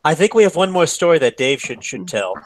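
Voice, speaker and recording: Casual swearing man, slightly high. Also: very animated, brisk, dry recording. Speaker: podcast co-host. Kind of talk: casual chat.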